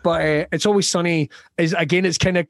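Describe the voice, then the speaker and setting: A Scottish comedian in his forties talks in loose, rambling bursts, swearing freely and laughing through his own stories. His voice sits a little high for a man. The sound is close and completely dry. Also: steady tone, fast, no echo. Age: 40s. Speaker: comedian guest. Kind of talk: casual podcast chat.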